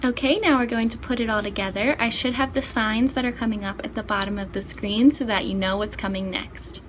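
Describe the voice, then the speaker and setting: A woman's voice: fairly high pitch, brisk, few pauses, a little hiss or hum. Woman patiently teaching baby signs. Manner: patient, clear, repetitive directions. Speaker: children's librarian. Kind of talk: step-by-step baby sign instruction.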